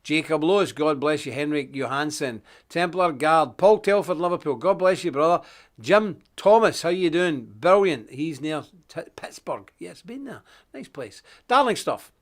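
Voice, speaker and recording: Man, live-stream host, slightly high voice, casual rambling chat, greets viewers, preachy about scripture. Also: lively intonation, normal speed. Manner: chatty, self-deprecating, greets viewers one after another; preachy and emphatic on faith. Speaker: guest presenter of a daily live show.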